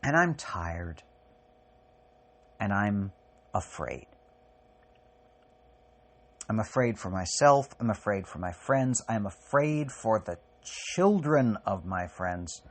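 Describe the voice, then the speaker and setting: A man delivering a personal spoken essay as a podcast host, halting and raw, with long pauses and swearing. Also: on the low side, animated. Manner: raw and profane.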